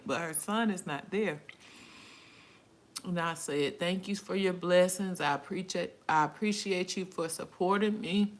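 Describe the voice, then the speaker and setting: A woman's voice: on the low side, a bit bright. A middle-aged woman hosting a casual live stream from her phone, reading viewers' comments aloud and answering them in an emotional, outspoken way.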